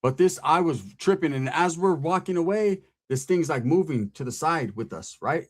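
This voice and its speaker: A man with a slightly raised voice tells a story in a loose, profane street-slang style. He keeps checking in with listeners and gets animated as the tension builds. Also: on the high side, normal speed. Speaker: podcast host telling a story. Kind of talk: casual storytelling.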